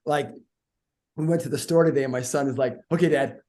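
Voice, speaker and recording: A middle-aged man, a guest speaker, telling energetic stories in a podcast conversation and acting out the voices in them. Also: mid-range voice, fairly quick. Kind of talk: animated storytelling in a podcast conversation.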